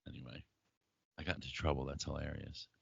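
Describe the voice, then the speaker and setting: A man hosting a podcast, telling stories in crude, profane, animated banter. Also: a bass voice, quick pace, creaky, slightly rough, dry recording, lo-fi sound. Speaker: podcast host.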